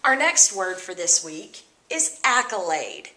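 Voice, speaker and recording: A woman teacher explaining vocabulary words to her students in an upbeat, expressive way. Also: lowish voice, slow, echoey room, background noise. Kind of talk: vocabulary lesson.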